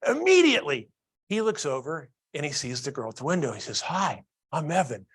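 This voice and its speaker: Man, higher voice, keynote speaker, storytelling, asks audience questions. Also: huge pitch swings, fast. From Columbus, Ohio. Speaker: workplace training speaker.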